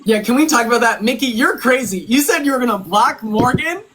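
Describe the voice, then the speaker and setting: Man, high bright voice, animated casual chatter, former contestant. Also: a little fast, a little hiss or hum. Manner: animated, emphatic, swears casually. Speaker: former reality show contestant and superfan. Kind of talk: casual live-stream chat.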